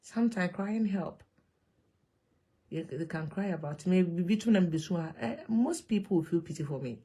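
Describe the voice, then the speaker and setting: A woman with a Ghanaian accent talking to camera in an animated, emphatic way, switching between Twi and English. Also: lowish voice, normal speed, slightly rough. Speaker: vlogger. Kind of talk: casual monologue to camera.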